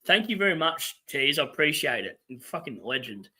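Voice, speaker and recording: A young Australian man rants through a casual livestream, swearing freely and turning to answer his chat. His voice sits a touch high and sounds bright and forceful. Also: big pitch swings, slightly rough. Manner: ranting, profane, quick asides to chat. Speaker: fantasy football livestream host. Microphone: webcam setup.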